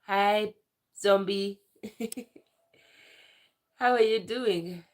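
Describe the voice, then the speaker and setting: Slow, tearful woman on a livestream. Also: medium pitch. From Uganda. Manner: slow and halting, emotional, answering viewer comments. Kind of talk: casual livestream chat. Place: village house.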